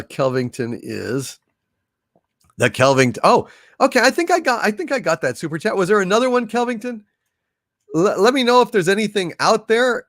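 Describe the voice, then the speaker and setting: A man hosting a casual livestream, reading viewer messages aloud with loud exclamations and lots of fillers. He is sniffly, with an irritated throat from allergies. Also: fairly high pitch, creaky, no room sound, studio quality.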